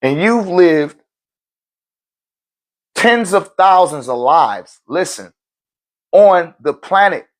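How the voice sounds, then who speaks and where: A man's voice: sits high, animated, takes it slowly, pauses often. A man teaching on a live-stream Q&A in loose, slangy talk, often checking in with his listeners. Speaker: spiritual teacher answering viewer questions.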